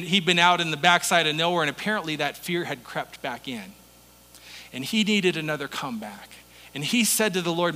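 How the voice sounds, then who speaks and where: A man's voice: on the high side, pushed and bright, in a large hall. A male pastor giving a sermon in a conversational, storytelling way.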